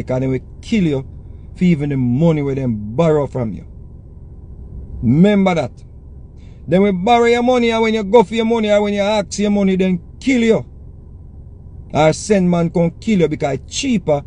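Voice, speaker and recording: Jamaican man, mellow tone, preachy and insistent, faint hiss behind. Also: on the high side. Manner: emphatic, preachy, repeats warnings. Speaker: entertainer giving commentary. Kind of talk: casual spoken commentary.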